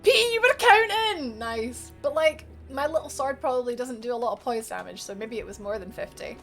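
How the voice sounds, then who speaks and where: Bubbly high-voiced woman streamer. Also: steady tone, brisk, vocal fry, faint music behind. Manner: chatty and bubbly, answers chat by name, laughs often. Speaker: livestreamer. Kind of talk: casual live gameplay commentary.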